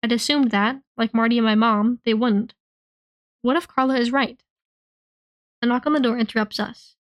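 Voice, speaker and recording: A woman reading a novel aloud in the first person, telling the story in an expressive, earnest way. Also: on the high side, normal speed. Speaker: reader.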